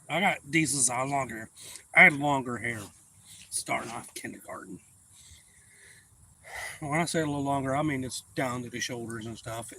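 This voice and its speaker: A man hosting a livestream, telling profane stories in a casual, animated way and acting out the voices of the people in them. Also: medium pitch, a little hiss or hum, rough recording. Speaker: livestream host. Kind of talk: casual storytelling.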